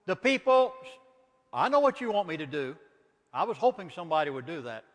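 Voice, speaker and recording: A Southern US minister delivers an impassioned lecture in a fairly high voice. He is emphatic and preacherly and leans on rhetorical questions. His voice carries a long reverb, as if heard in a lecture hall. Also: very animated, fairly quick, fairly bright tone.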